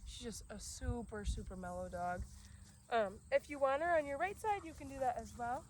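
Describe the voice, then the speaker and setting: A woman dog trainer explaining commands outdoors in a relaxed way, breaking off to give short commands to her dog. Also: a little high, moderate pace. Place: outdoors in a grassy yard. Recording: outdoor recording with crickets and background noise.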